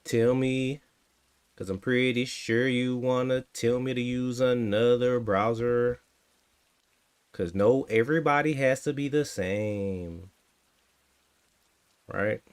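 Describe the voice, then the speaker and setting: Man, 30s, coding streamer; slow, laid-back delivery, needles his chat with dry sarcasm. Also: medium pitch, fairly even intonation, clear, resonant tone. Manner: teasing, sarcastic, muses aloud to himself. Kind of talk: casual livestream chat while coding.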